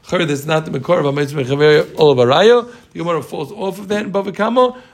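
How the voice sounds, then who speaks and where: Man, Talmud class teacher, high voice, gravelly, animated, emphatic repetition. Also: fast. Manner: animated, repeats points emphatically, teasing students.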